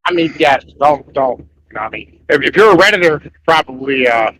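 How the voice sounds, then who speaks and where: A man's voice: fairly high pitch, lively intonation, normal speed, fairly bright tone, a little hiss or hum, rough recording. A man in crude, rambling casual political chat, often sounding incredulous.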